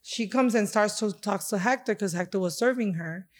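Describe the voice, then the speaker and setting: A woman's voice: mid-range voice, normal speed. A woman chef and restaurant owner telling a story in a casual podcast chat, acting out the dialogue.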